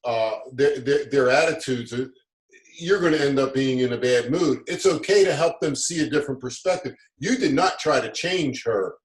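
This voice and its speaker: A middle-aged man speaks at an ordinary pitch, upbeat and motivational, often restarting his sentences as he tells stories in a casual interview. His voice rings with a noticeable room echo. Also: normal speed. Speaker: guest, business author. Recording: roomy echo.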